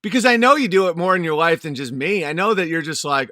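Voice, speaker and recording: A man's voice: high-pitched, very animated, a little fast, few pauses, pushed and bright, no echo, clean studio sound. A man in his thirties, a channel host, delivering an angry, profane and emphatic vlog monologue.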